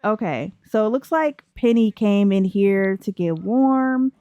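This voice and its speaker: A woman's voice: mid-range voice, lively intonation, measured pace, mellow, no echo, dull audio. A young woman giving chatty, playful commentary while playing a life-simulation game. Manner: chatty, playful, laughs often. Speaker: let's play host. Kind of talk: casual gameplay commentary.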